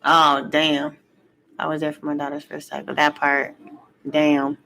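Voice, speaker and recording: A woman's voice: sits low, completely flat delivery, a little slow, gravelly, slight background noise, poor audio. A woman chatting casually on a tarot livestream from home, acting out voices and laughing often. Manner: loud, laughing, acts out voices with slang. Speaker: tarot reader and vlogger. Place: at home, cooking.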